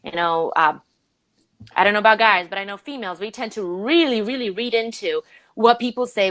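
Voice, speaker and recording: Woman, Romanian-born leadership coach, animated guest storyteller. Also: a little fast, no room sound, low-quality recording. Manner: animated, acts out quoted voices with big pitch jumps. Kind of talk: conversational interview storytelling.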